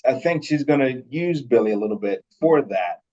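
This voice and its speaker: A man co-hosting a casual podcast chat, easygoing and quick to laugh, with a loose tongue for swearing. His voice sits in a middle range. The recording is slightly dull and lo-fi. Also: medium pitch, animated, a little mellow. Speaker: podcast co-host.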